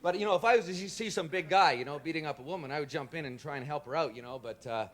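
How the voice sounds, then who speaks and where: A young man doing a rambling, self-deprecating stand-up set, bursting into loud shouted impressions. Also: on the high side, racing. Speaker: stand-up comedian. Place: comedy stage before a live audience. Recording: live club with audience laughter and noise.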